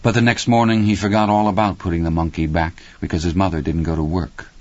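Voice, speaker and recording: A man narrating a story in a steady, measured audiobook reading. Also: sits low, no room sound, dull audio.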